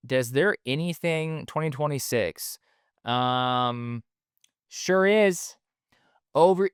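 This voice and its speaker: A man's voice: mid-range voice, clear, resonant tone, dry recording, clean studio sound. A man hosting a solo podcast in a casual, rambling way, with lots of fillers and the odd swear word. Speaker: podcast host.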